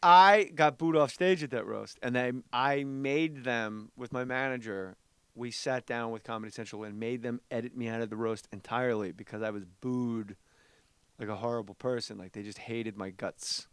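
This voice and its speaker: A man, a comedian, telling rapid animated anecdotes and acting out other people's lines in a radio studio. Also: medium pitch, clean tone, no room sound. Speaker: comedian guest. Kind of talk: animated storytelling with impressions.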